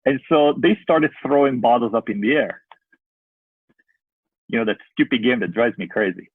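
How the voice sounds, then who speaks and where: Man, youth coach and filmmaker, rambling animated storyteller, husky, thin phone-like sound. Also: mid-range voice, normal speed, no room sound. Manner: animated, rambling anecdotes with many fillers. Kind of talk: casual storytelling in a video-call interview. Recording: tinny phone-like line, dry.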